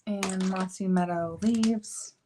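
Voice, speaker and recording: A woman's voice: mid-range voice, steady tone, slow pace, noisy background. A woman hosting a card-making video, chatting casually and thinking aloud as she works. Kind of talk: casual crafting tutorial chat.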